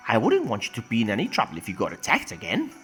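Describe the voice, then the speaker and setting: A kindly, earnest professor from a video game speaks in a lowered, slowed voice, as a man puts him on. He explains things patiently, and a faint tune plays behind him. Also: wildly swooping pitch, fairly bright tone, soft background music. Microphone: phone.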